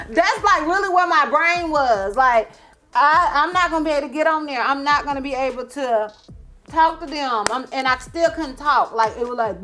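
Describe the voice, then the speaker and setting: A woman's voice: high voice, animated, normal speed, pushed and bright, soft background music. A woman, a beauty vlogger telling a storytime, chatty, laughing often and acting out what others said. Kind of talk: storytime vlog.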